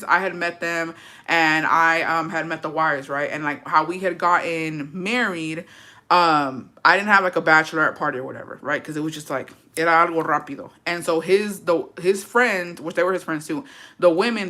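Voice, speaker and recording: A woman's voice: sits low, sharp tone. A young woman telling a personal story in a casual vlog, blunt and swearing a lot, rambling with fillers and slipping into Spanish.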